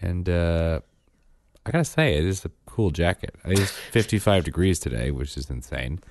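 A man in his thirties chatting casually as a podcast co-host and father, telling stories in an animated way and acting out the quotes. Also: low-pitched, normal speed, a little hiss or hum. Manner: animated storytelling, acts out quotes. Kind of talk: casual chat.

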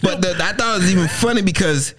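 A man's voice: sits high, fast, a loud crowd. A man co-hosting a podcast in casual banter, talking in profane slang and often laughing as he tells stories. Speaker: podcast co-host.

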